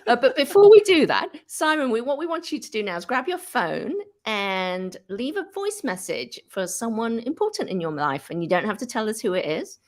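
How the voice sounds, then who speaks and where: Female co-host, fairly high, very lively voice, teasing and playful. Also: normal speed, hardly any pauses. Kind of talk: casual show chat.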